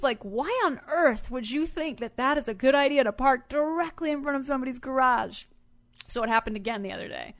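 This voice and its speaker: A woman co-hosting a podcast, telling a story in a casual, animated and emphatic way. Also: high voice, brisk. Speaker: podcast co-host. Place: lives in Houston area.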